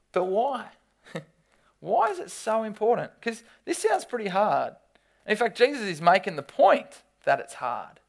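A preacher, giving a sermon with animated storytelling and quick restarts. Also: medium pitch, creaky.

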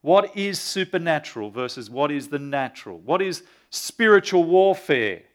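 A man's voice: fairly high pitch, animated, moderate pace. A man preaching a sermon in an earnest teaching tone, reading scripture aloud and asking his listeners questions. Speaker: pastor.

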